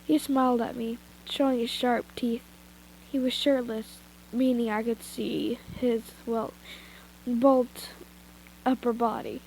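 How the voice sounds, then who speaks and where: A young woman with a stuffy nose reads fan fiction aloud in a casual, giggly way, often stopping for chatty asides. Her voice is high and her pace unhurried. A faint hiss sits under the headset recording. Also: fairly even intonation, creaky, a little mellow, rough recording. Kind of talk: casual story reading. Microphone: headphones with mic.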